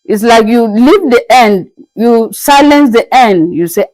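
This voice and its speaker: A woman's voice: fairly high pitch, expressive, darkish tone, dry recording, rough recording. A woman teaching basic French phrases in a patient, repetitive classroom manner. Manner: patient, repeats each word slowly. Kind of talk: slow classroom-style lesson.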